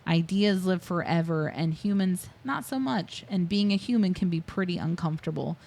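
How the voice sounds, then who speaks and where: A woman's voice: fairly low pitch, expressive, moderate pace, creaky, darkish tone. A woman co-hosting a casual podcast, walking through a movie scene by scene, acting out quoted lines with fillers and laughs. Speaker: podcast co-host. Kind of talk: casual movie recap chat.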